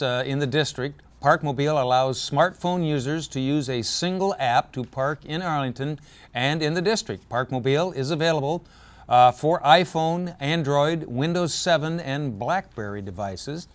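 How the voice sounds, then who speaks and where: A man hosting a community news show, reading stories in a relaxed, joking way with fillers and self-corrections, and losing his voice. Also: on the high side.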